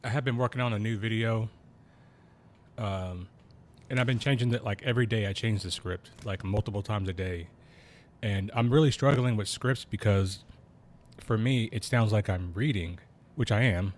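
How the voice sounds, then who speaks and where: A man streaming a game, talking slowly and casually in a kept-down voice, with a lot of slang. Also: fairly low pitch. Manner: slow, laid-back talker; keeps voice down. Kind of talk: casual live-stream chat.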